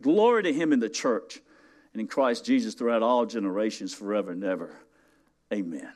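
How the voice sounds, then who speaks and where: A man's voice: on the low side, animated, fairly quick. A man preaching a sermon in a church, talking conversationally and rising to emphatic call-outs to his congregation.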